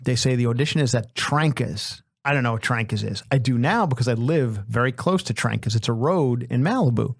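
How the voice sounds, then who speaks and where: A man hosting a comedy podcast, telling a long story in an animated, self-mocking way that often repeats itself. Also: medium pitch, brisk, gravelly, few pauses, no echo, studio quality. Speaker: podcast host.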